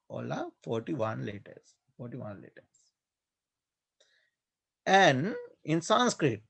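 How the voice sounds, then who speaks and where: A male Buddhist monk teaching a class on Pali grammar, speaking slowly, repeating key words and pausing often with fillers. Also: mid-range voice, gravelly. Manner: slow, repetitive, hesitant with many fillers. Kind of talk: online class lecture.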